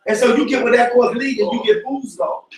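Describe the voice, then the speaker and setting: High-voiced man teaching in an echoey room. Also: a little fast, recorded from a distance. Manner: animated, preachy, breaks into shouts. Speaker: cell group teacher. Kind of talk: informal Bible study teaching. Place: church room.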